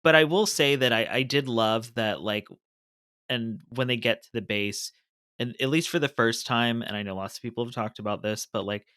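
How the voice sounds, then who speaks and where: An eager, detail-focused man co-hosting a podcast in casual chat. His voice is bright and forceful, with a crisp, smooth clarity. The sound is dry. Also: mid-range voice, normal speed, no echo. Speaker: podcast co-host.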